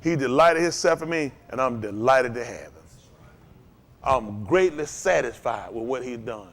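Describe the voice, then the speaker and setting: Animated preaching man, lively pitch. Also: normal speed. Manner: animated call-and-response preaching, rising to loud high peaks. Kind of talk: sermon.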